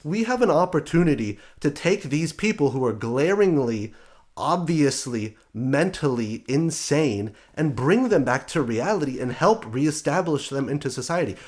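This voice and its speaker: A man's voice: a little high, animated, moderate pace, a little mellow. A man hosting a show, delivering a blunt, sarcastic opinion monologue. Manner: blunt, sarcastic, mocking quoted voices. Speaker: podcast host.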